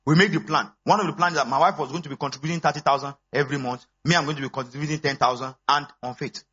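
A man, preaching a sermon as pastor, animated and swinging between low asides and high exclamations. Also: racing, husky, highs cut off. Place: church.

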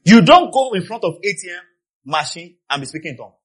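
A man preaching a sermon with passion. He swings between quiet asides and shouted peaks, and he repeats key phrases for emphasis. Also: sits high, big pitch swings, fast, husky. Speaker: pastor.

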